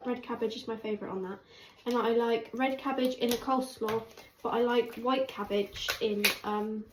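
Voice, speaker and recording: A woman chatting casually while she cooks, rambling and poking fun at herself. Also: fairly high pitch. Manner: chatty, rambling, self-mocking. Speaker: cooking vlogger. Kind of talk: casual cooking chat. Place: home kitchen. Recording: echoey kitchen with background noise.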